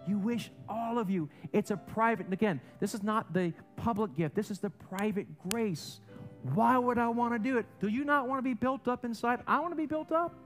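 High animated man preaching a sermon. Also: a little fast, faint music behind. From German and Italian heritage. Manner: animated, joking, swings between loud and soft. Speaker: pastor. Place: church sanctuary.

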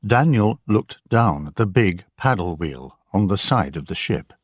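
A man narrating an audiobook for English learners, slow and clearly enunciated. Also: low voice, very animated, no echo, studio quality.

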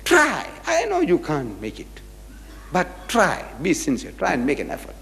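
A man's voice: a little high, wildly swooping pitch, normal speed, vocal fry, fairly bright tone. Emphatic older man lecturing in a hall. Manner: emphatic, rhetorical questions to the audience. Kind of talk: religious debate lecture. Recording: hall with long reverb.

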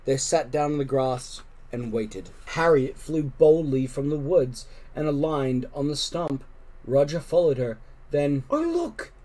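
A man narrates a children's book aloud in a gentle, expressive read-along style. His voice sits at an ordinary pitch with a mellow, warm tone. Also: a little slow. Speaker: storybook reader.

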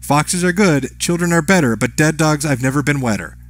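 During a live stream, a man reads out what viewers have written, speaking at normal speed in a voice on the high side. He calls out chat names and messages, tossing off a brief reply to each.

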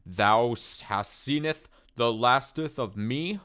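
A man's voice: mid-range voice, slow pace, close to an everyday voice. A man hamming up a pompous archaic duke. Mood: swaggering. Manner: theatrical, archaic mock-Shakespearean phrasing. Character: pompous male duke in old-fashioned speech. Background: game music.

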